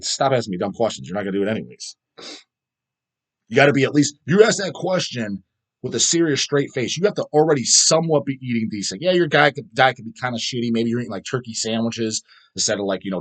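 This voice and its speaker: Fast-talking profane man in his thirties. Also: mid-range voice, expressive. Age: 30s. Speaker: channel host reading comments. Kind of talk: casual profane vlog rant.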